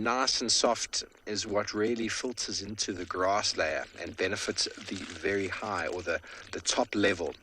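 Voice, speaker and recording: A man guiding a live safari drive from an open vehicle in the rain, explaining the wildlife in a relaxed way with fillers. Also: deep voice, slight background noise. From South Africa. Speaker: safari field guide. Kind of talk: live game drive commentary.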